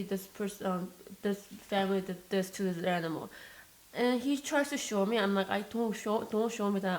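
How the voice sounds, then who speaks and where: A young woman talks casually in a mukbang-style vlog, telling stories in a rambling way full of fillers and false starts. She grows emotional easily, and a faint static crackle runs under her voice. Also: medium pitch. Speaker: mukbang vlogger. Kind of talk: casual chat while eating. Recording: staticky mic noise.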